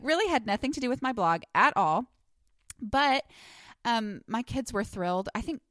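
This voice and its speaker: A woman's voice: on the high side, expressive, moderate pace, fairly bright tone, no room sound, clean studio sound. A woman hosting her own podcast from home, chatting casually and rambling with plenty of ums and asides. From Texas. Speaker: podcast host. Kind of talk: casual solo podcast chat. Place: her home, sitting under a blanket.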